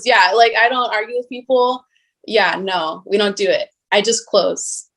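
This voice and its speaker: A young woman talks bluntly and casually as a podcast guest. She tells stories in an animated way, with "like" in almost every line. Her voice sits at a middling pitch for a woman. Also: a little slow. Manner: blunt, animated storytelling with lots of "like". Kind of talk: casual chat.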